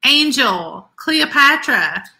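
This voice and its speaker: A woman's voice: high voice, sing-song, takes it slowly, bright, forceful tone. A woman co-hosting a casual live stream, teasing her co-hosts and reading viewer comments aloud in a chatty way. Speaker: co-host of live resale show.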